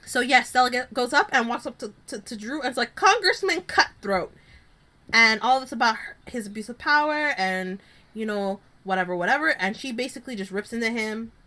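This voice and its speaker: A woman with a bright, rather high voice, chatting casually as a podcast co-host. She retells scenes with lively asides and acts out characters' lines as she goes. Her tone stays crisp and forward. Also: fairly quick. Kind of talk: casual chat recapping a soap opera.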